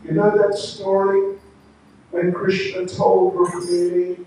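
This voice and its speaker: A monk tells a devotional story slowly and casually, stopping for asides. His voice is high for a man and mellow. He is heard from a distance in a very echoey temple hall with a faint hum. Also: level tone. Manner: slow, conversational storytelling with asides. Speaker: visiting monk preacher. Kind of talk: storytelling sermon.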